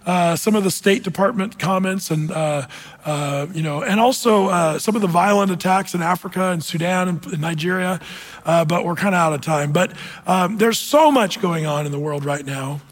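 A man's voice: high voice, moderate pace. A man preaching a sermon as a pastor, speaking conversationally with fillers and closing in prayer. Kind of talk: sermon with prophecy update.

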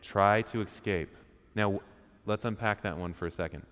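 A man preaches to a men's church gathering in a very low voice. He keeps it conversational, throwing questions to the room and acting out little quotes. His words ring out with a long hall reverb. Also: normal speed, fairly bright tone, clean tone. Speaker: speaker at a men's church group. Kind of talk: interactive sermon with questions to the audience.

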